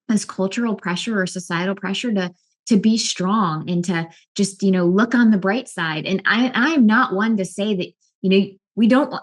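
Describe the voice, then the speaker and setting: A middle-aged woman, a life and wellness coach, explaining emotions in a calm, earnest way with frequent restarts. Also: fairly low pitch. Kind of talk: explanatory talk to camera.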